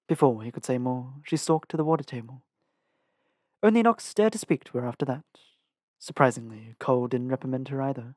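A man narrating an audiobook with an expressive reading and lively shifts in pitch. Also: a little fast, no room sound, studio quality. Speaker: audiobook reader.

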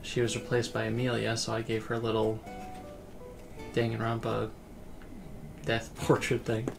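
Gravelly man chatting on a relaxed stream. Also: medium pitch, normal speed, music in the background. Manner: relaxed, rambling, reads chat aloud. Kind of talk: casual game livestream chat.

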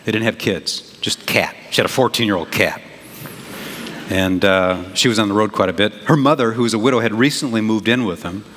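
A pastor preaching a sermon in an animated, conversational way, with big jumps in emphasis. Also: male voice, fairly low pitch, brisk. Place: church sanctuary. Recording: reverberant church hall, faint noise.

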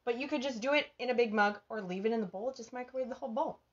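Bubbly Minnesotan woman, live cooking host, highish voice, muffled lo-fi stream sound. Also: very fast. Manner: bubbly, chatty, reads viewer comments aloud.

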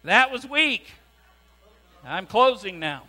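A man with a high-pitched voice preaches a sermon as a pastor, speaking at a slow pace. His delivery is lively, and he keeps asking the congregation "right?" over and over. The church sanctuary carries a hum and a long reverb.

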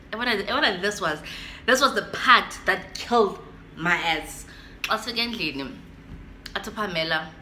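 Bright-voiced young South African woman telling a story. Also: medium pitch, reverberant, slight background noise. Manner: animated, switching between English and isiXhosa, acting out her own reactions. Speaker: vlogger. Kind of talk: casual storytelling.

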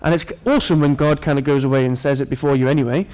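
A man preaching a sermon to his congregation, earnest and warm in tone, with playful asides to the people in front of him. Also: mid-range voice, steady tone, rapid-fire.

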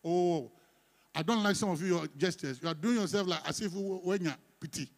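High-voiced pastor. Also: male voice, fairly quick. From Ghana. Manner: teasing, coaxing the congregation, swinging between soft asides and loud emphatic reading. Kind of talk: sermon with congregational call-and-response. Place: church sanctuary.

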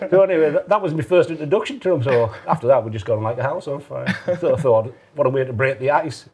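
Very raspy, laughing ex-footballer. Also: male voice, a little high, expressive, brisk, darkish tone. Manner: laughing storyteller who acts out the dialogue. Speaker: former footballer. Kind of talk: casual interview anecdotes.

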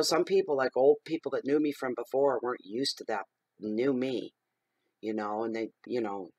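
Middle-aged guy doing a tarot reading, dry sound, loud and emphatic, gets all fired up. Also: mid-range voice, no room sound, rough recording. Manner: expressive and emphatic, gets riled up. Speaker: tarot reader. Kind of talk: general tarot reading monologue.

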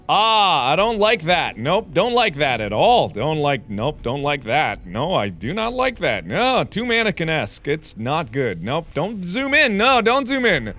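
A man commenting on a video game as he plays it, loud and exasperated, swearing freely and breaking into sudden yells. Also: fairly high pitch, sing-song, measured pace, hardly any pauses, soft background music. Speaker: let's play host.

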